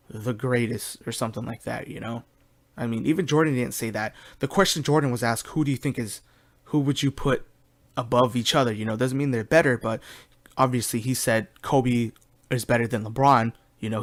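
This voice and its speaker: A young man hosting a solo podcast, ranting in a heated, loose and rambling way, with frequent swearing. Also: mid-range voice. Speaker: podcast host. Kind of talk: solo casual rant.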